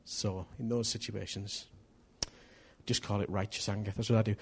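A middle-aged man preaching a sermon, animated, acting out little dialogues as he tells stories. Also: fairly low pitch, moderate pace, vocal fry, a little hiss or hum. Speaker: pastor.

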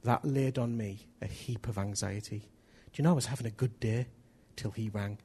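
A middle-aged man preaching a sermon, animated, acting out little dialogues as he tells stories. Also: fairly low pitch, moderate pace, husky. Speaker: pastor.

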